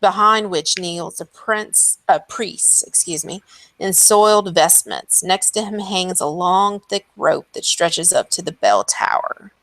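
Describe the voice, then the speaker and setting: A woman narrating a tabletop game as dungeon master, unhurried and descriptive, with frequent ums. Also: on the low side, animated, a bit bright, no echo.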